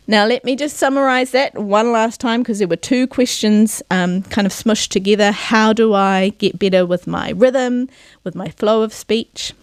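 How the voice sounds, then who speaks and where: A woman teaches pronunciation on television, stretching and shaping each vowel with care. Her voice sits at a middling pitch and is recorded close and dry. She keeps checking in with her viewers and urging them on as she goes. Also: clean tone, no room sound. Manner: slow, careful enunciation of vowel sounds; encouraging, asks "yeah?" to check in. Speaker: Māori language presenter.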